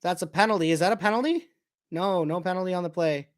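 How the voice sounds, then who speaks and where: A man giving casual play-by-play of a hockey game as a fan, excitable and quick to swear, breaking into shouts when his team scores. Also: high-pitched. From Canada. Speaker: fan commentator. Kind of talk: casual play-by-play watch-along.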